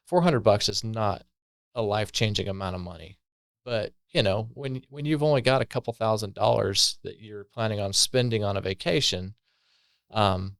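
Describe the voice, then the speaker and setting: A low-voiced man tells his recovery story on a podcast, earnest and thoughtful, often pausing on fillers. The sound is dry and close, with no room echo. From Colorado, USA. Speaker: podcast guest. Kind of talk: personal recovery story, conversational.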